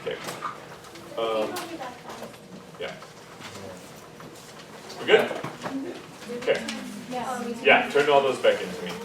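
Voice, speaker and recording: A man teaching a diction class. He explains patiently, keeps checking in with "okay?" and "right?", and slowly chants example lines. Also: mid-range voice, sing-song, noisy background. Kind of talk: classroom lesson. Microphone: far room recorder. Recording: echoey classroom from far off, class murmur.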